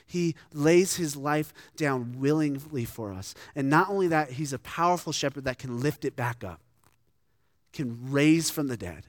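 A man's voice: fairly high pitch, no echo, clean studio sound. A man preaching a sermon in an earnest, conversational way, often restarting his sentences. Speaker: pastor.

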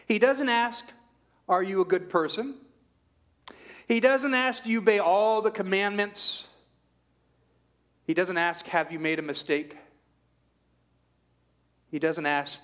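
A man's voice: sits high, animated, a little slow, pauses often, a bit bright. A man preaching a sermon in an earnest manner, repeating rhetorical questions with shifting emphasis.

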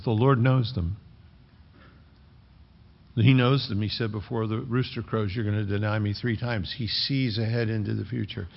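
A man as pastor, preaching a sermon in an earnest, measured way and repeating key phrases. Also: medium pitch, vocal fry. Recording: dull lo-fi recording with long hall reverb.

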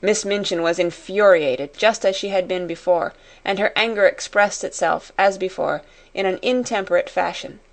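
A woman reading a classic story aloud in a measured, expressive way. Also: medium pitch. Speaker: audiobook narrator. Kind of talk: scripted storybook narration.

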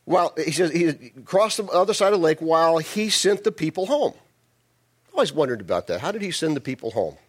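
A man's voice: fairly high pitch, big pitch swings, fairly quick, slightly rough. A male pastor giving a sermon, telling the story in a folksy, joking way with many restarts.

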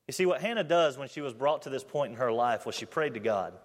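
A man's voice: medium pitch, lively intonation, quick pace. Young male preacher in a reverberant hall. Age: 20s. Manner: earnest, asks the congregation questions, reads scripture aloud. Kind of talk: sermon. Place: church building.

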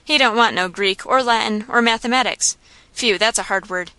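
A woman voicing a rough, insolent male saloon keeper who talks in a coarse, sly, slangy way. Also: on the high side, moderate pace, sharp tone, no room sound.

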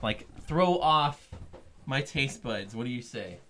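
A man's voice: mid-range voice, animated, slow pace, a bit bright, slight background noise. A man co-hosting a podcast in a recording studio, chatting casually in a rambling, opinionated way. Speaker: podcast co-host. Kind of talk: casual chat.

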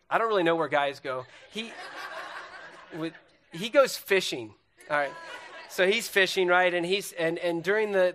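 A man preaching a sermon in church, animated and informal, repeating words and restarting his sentences as he talks. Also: high voice. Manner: animated, repetitive, stumbling restarts. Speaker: pastor. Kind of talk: sermon with a puppet illustration.

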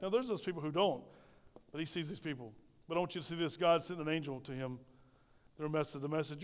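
A slightly high, clear, resonant male voice trails off into long reverb: a middle-aged pastor preaching in a church sanctuary with a handheld microphone. He tells stories, repeats lines, and asks the congregation questions.

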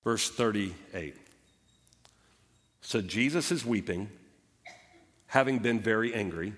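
A male pastor preaching a sermon, retelling scripture with animated storytelling and emphatic rises and drops. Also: fairly low pitch, takes it slowly, breathy edge, in a large hall. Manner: animated storytelling preaching, voicing Bible characters.

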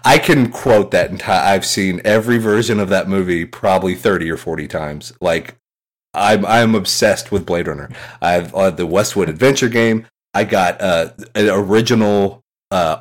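A man co-hosting a casual podcast chat, rambling and excitable, swearing casually. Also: deep voice, normal speed. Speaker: podcast co-host.

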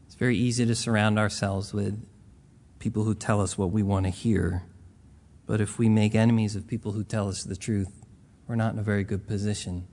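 A man's voice: fairly low pitch, fairly even intonation, fairly quick, a little mellow. A man preaching a Bible teaching in a casual, conversational way, retelling scripture stories in plain modern words.

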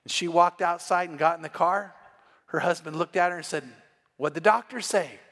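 A man's voice: on the high side, level tone, a little fast, a bit bright, long reverb tail. A man preaching an evening sermon, retelling a story and acting out the lines of each person in it. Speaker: pastor.

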